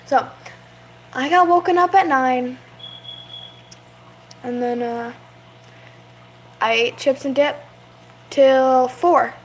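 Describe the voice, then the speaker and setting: A woman's voice: sits high, steady tone, slow, long pauses, slight background noise. A young woman chatting casually in a vlog, rambling about her pets and stopping to coo at them. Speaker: vlogger.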